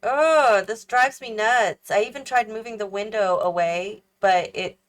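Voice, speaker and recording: At a measured pace and in a mid-range voice, a gaming channel host builds a house in a game. She's tired and yawns, chatting casually while thinking aloud and questioning her own decisions.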